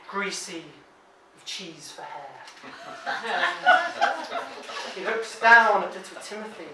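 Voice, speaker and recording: A woman telling a spooky story to a live audience, dropping to hushed tones and bursting out loud. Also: on the low side. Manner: dramatic hushed drops and loud outbursts. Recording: echoey room from far off, light noise.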